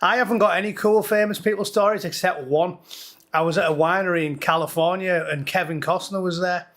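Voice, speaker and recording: A man's voice: high voice, steady tone, brisk, fairly bright tone. A man telling a story bluntly in casual chat, swearing freely.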